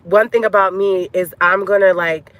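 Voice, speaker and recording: A woman's voice: medium pitch, fairly even intonation, normal speed, a bit bright, no room sound. Upset woman venting in a vlog. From Cuban family. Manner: venting, talks to viewers as girlfriends. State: upset and near tears. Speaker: vlogger. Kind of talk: emotional storytime vlog.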